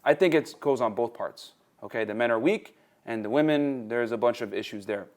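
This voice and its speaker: A man's voice: medium pitch, a little fast, very noisy. Blunt, crude-talking man. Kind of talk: opinionated commentary.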